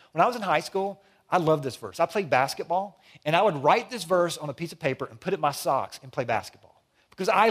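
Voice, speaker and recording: Middle-aged guy preaching, slightly high voice, gets loud then drops real soft. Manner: dynamic preaching, swings from loud emphasis to hushed lines. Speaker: pastor. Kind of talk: sermon.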